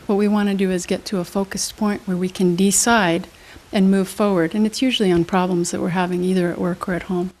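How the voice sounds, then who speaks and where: In a studio interview, a female motivational speaker and trainer responds in an emphatic, instructive way, posing questions like a quiz. Her voice sits in the middle range, brisk and level, with a slightly mellow quality.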